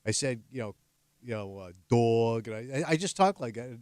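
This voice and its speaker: A man's voice: medium pitch, fast talker, no room sound. A man from New Jersey, a radio co-host, telling stories in casual banter with blunt jokes. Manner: animated storyteller, blunt jokes. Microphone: studio microphone. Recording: dry studio sound.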